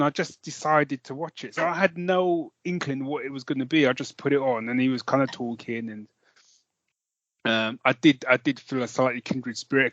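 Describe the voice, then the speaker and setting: A man's voice: medium pitch, a bit bright, no room sound. A man from England co-hosting a casual podcast chat, rambling and playful. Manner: chatty, rambling, with playful put-on voices. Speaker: podcast co-host. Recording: dull, dry sound.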